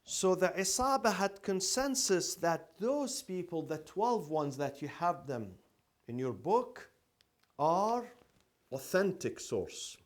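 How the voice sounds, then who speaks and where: Lively male teacher quizzing a class. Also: sits high, slow pace. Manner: asks the class questions and repeats key terms. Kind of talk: classroom lecture.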